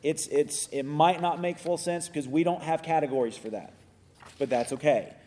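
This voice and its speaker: A man with a somewhat raised yet warm, mellow tone teaches doctrine earnestly and at a measured pace. His voice rings with a long hall reverb. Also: a little high, slight background noise.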